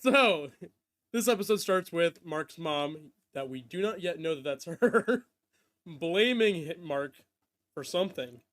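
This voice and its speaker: A man's voice: fairly high pitch, expressive, a little slow, fairly bright tone. A man hosting a casual podcast, recapping a show with loose asides and frequent laughs. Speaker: podcast host. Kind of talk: casual chat.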